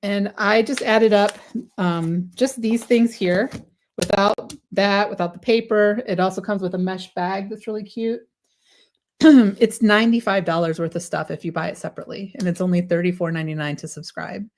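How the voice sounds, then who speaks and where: A woman's voice: medium pitch, steady tone, moderate pace, darkish tone. Chatty woman hosting a craft stream. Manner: chatty, enthusiastic, stumbles and self-corrects. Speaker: craft livestream host. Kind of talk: casual product demo.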